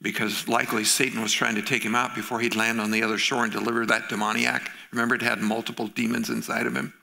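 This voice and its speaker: A man's voice: mid-range voice, fast, gravelly. A middle-aged male pastor preaching a sermon in a church, telling stories and acting out the voices in them. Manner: animated storytelling, acting out quoted voices.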